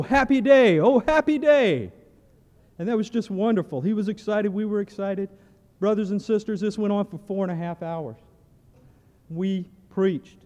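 A man's voice: a little high, dark tone. A man giving an earnest testimony in church, building to fervent exclamations. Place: church hall. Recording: muffled church hall recording.

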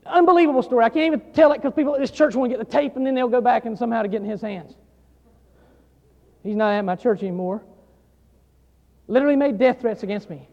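A male pastor preaching a sermon, emphatic and repetitive, building louder on key lines. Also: very high-pitched, fast, gravelly, long pauses. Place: church sanctuary. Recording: dull sound in a long reverberant hall.

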